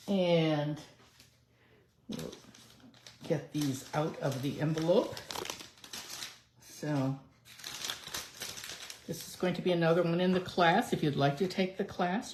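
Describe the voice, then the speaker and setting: Low, mellow woman demonstrating card crafts. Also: slight background noise. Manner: chatty, talks through each step as she works. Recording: echoey room.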